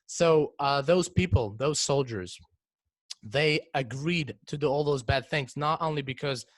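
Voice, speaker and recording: A teenage boy co-hosts a casual podcast chat, working through his explanations in halting bursts and repeating words as he goes. His voice sits at an ordinary pitch for a young man. The sound is close and dry, with no room around it. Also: dry recording. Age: teens. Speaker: podcast co-host.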